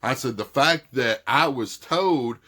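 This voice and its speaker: Speaking slowly in a mid-range voice with a sharp edge, this middle-aged Southern vlogger tells the story of a dispute in a relaxed way. His accent is thick, and he repeats what each party said.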